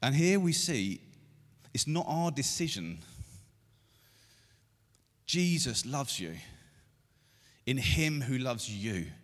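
A man in his thirties preaching a sermon to a church meeting, building to loud, emphatic repeated lines. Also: mid-range voice, big pitch swings, slow, pauses often. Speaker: pastor. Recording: long hall reverb.

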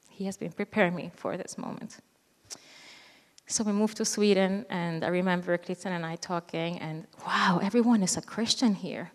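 Thirties woman, lowish voice, telling her testimony in a reverberant hall, earnest, restarts often. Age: 30s. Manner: earnest, halting, with frequent restarts. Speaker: speaker giving a testimony. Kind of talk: personal faith testimony.

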